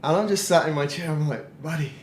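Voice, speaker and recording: A man's voice: on the high side, fairly quick, a little hiss or hum. A man in his forties, a podcast guest, telling stories in a reflective way and laughing often. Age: 40s. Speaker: interview guest. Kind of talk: casual interview chat. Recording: roomy echo.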